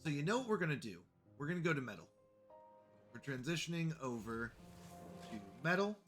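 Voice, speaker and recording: A man's voice: fairly high pitch, very animated, a little fast, a bit bright. A man chatting casually with his viewers while playing a game on a live stream, rambling and friendly. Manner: chatty, rambling, talks to chat. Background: faint background music.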